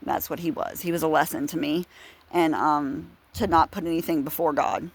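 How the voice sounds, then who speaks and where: A woman's voice: low-pitched, steady tone, normal speed, gravelly, slightly rough, dry recording. A woman giving a casual personal testimony, earnest and confessional, rambling with restarts and bursts of laughter. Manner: rambling, full of fillers and restarts, breaks into laughs. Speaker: Christian speaker sharing her testimony.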